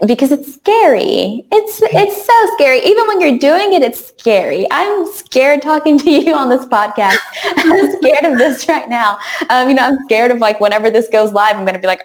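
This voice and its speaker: A woman's voice: high-pitched, lively intonation, moderate pace. A woman guest on a podcast, talking candidly and animatedly with frequent laughs and restarts. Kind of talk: casual podcast conversation.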